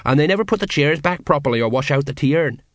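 A man's voice: a little high, animated, quick pace, no echo, studio quality, close to an everyday voice. A man reading an audiobook, voicing a sheepish, evasive middle-aged watch sergeant who talks colloquially.

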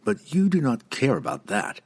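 A man voicing a stoic, defiant male dark elf warrior who speaks calmly and sarcastically, in an audiobook. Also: mid-range voice, normal speed, pitched above the performer's own voice. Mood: reasoning. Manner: calm, controlled, sarcastic.

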